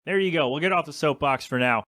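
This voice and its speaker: A man's voice: fairly high pitch, fast, pushed and bright, no echo, studio quality. A young adult man hosting a casual solo podcast, rambling and complaining in an exasperated way with some swearing. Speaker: podcast host.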